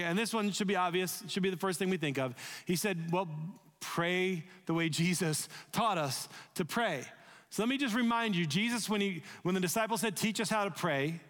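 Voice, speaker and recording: A man preaching a sermon as pastor, earnest and conversational, easing into a soft voice when he leads a prayer. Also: high voice. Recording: echoey hall, long reverb.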